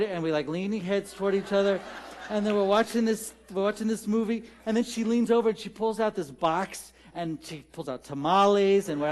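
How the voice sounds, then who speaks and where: A man giving a storytelling sermon, conversational and humorous, who talks directly to his congregation. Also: high-pitched. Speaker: minister. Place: church sanctuary.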